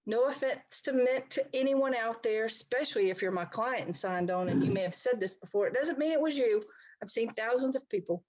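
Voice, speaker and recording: A middle-aged woman counselor gives a talk over a video call, in a voice pitched a bit high. She keeps it chatty and engaging and often speaks straight to her listeners. The sound is muffled and lo-fi, like a computer mic. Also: lively intonation, brisk, darkish tone. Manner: conversational, engaging, addresses audience directly. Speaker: licensed counselor presenting a talk. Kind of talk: online presentation to a society.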